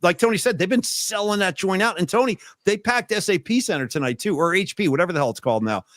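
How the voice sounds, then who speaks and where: A middle-aged man riffs through a casual podcast chat about sports and pop culture. His talk is animated, sitting fairly high and swinging widely in pitch. The sound is dry and close, with no room around it. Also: quick pace, no echo. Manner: animated, swings into loud impressions and sung lines. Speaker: podcast co-host.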